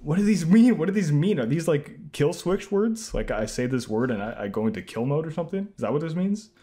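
A man streaming himself taking online quizzes, reacting out loud with sarcastic, self-mocking commentary. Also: fairly high pitch, animated, brisk.

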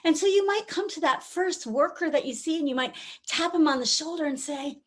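A woman's voice: high voice, a little fast. A middle-aged woman giving a keynote talk, telling a story and acting out the voices in it. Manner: warm storytelling, acts out quoted voices. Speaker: keynote speaker. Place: virtual conference, recorded remotely.

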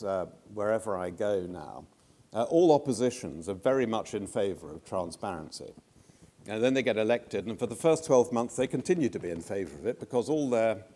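An older man, once a government minister, gives a conference speech in a measured, anecdotal way with frequent hesitations. His voice is fairly low with a somewhat dark tone.

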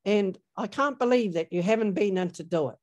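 A woman's voice: medium pitch, fairly quick, darkish tone, lightly acted. A woman voicing her earnest young niece, who insistently pleads with her grandmother.

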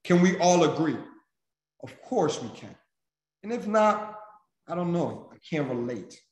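A man's voice: fairly high pitch, very animated, measured pace, a little mellow. A man giving a motivational speech to his sales team, emphatic and preachy. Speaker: senior vice president and sales mentor. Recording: echoey room.

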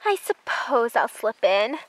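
A woman's voice: fairly high pitch, big pitch swings, slow, no room sound, pitched below the performer's own voice, full character voice, low-quality recording. A woman voicing a vain, haughty gray mare who calls herself a queen, in a toy horse drama. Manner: snooty, dramatic, complaining.

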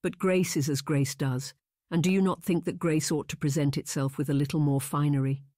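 An arrogant young marquis, as a male audiobook narrator reads him speaks in a fairly high, smug voice that needles at every turn. The audiobook sound is dry and close. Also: fairly even intonation, fairly quick, dark tone, no room sound, close to an everyday voice.

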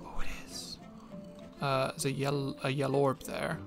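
A man's voice: mid-range voice, monotone, a little slow, gravelly, over music. A man casually commenting on a game as he plays, rambling with fillers and restarts. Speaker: streamer. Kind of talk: let's-play commentary.

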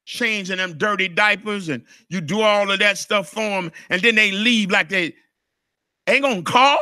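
A man's voice: high voice, normal speed, bright, forceful tone, no echo, studio quality. A middle-aged man preaching a sermon as a pastor, emotional and impassioned.

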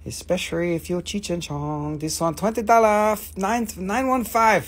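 A live-stream seller of rocks and crystals who talks in a casual, joking, profane and excitable way. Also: medium pitch, normal speed. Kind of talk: casual live sales chat.

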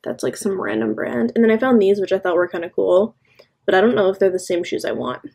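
A woman's voice: mid-range voice, fast, creaky, a little mellow, slightly rough. A young woman talking casually to camera in a home vlog, filling her talk with "like" and "um". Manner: chatty, lots of "like" and "um". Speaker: vlogger. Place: at home, bedroom.

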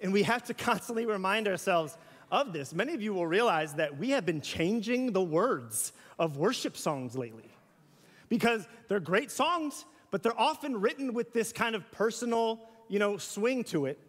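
A man preaching a sermon in a church, conversational and animated, with playful asides. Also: sits high, normal speed. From US South. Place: church sanctuary. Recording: church hall with long reverb.

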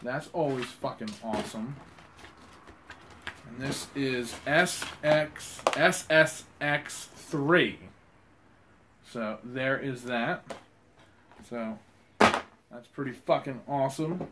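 Young guy unboxing stuff, swears a ton when excited, rambly, mid voice, bit of hiss. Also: medium pitch, slow pace, long pauses. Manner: excitable, swears a lot, rambling with many fillers. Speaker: vlogger unboxing a fan package. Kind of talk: casual unboxing commentary.

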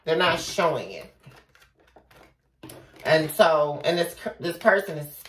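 A woman giving a casual tarot reading, talking straight to the viewer in an animated way and swearing freely. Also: sits low, takes it slowly. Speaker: tarot reader. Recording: echoey room from far off, faint noise.

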